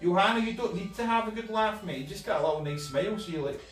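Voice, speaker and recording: A man's voice: sits high, fast. A Scottish man streaming while he paints an office, bantering and teasing in slangy, joking chat. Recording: roomy, voice far from the mic, faint music.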